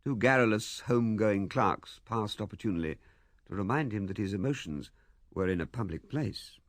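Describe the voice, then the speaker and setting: A man narrating a classic novel in a measured, expressive storytelling manner. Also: on the low side, no echo, studio quality. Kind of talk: scripted audiobook narration.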